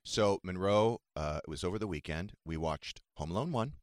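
A man's voice: low voice, moderate pace, no echo, clean studio sound. A man co-hosting a radio show, telling wry, self-mocking stories in casual banter.

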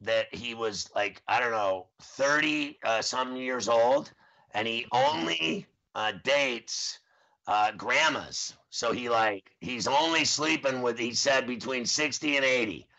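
A man's voice: mid-range voice, slow pace, creaky. A man in his forties hosting a show in casual chat, telling rambling stories and acting out what people said. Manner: rambling, animated storyteller who acts out quotes. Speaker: podcast host. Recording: dull lo-fi audio.

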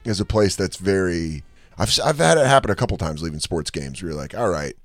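Casual male podcast host, animated storyteller, salty language, dry booth sound. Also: low voice, fast talker, no room sound. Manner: animated storyteller, swears a lot, acts out quotes. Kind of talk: casual chat.

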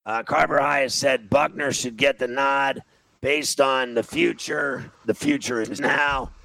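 Middle-aged guy with a gravelly, bright voice, rambling through stories and game picks, swears a lot. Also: mid-range voice, steady tone, measured pace, low-quality recording. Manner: rambling storyteller, swears, self-mocking. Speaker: sports podcast host. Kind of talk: casual sports betting chat.

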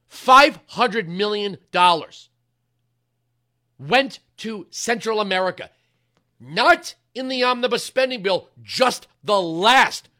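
A male talk show host giving an impassioned political commentary monologue, talking emphatically and rising at times into yelling. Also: high voice.

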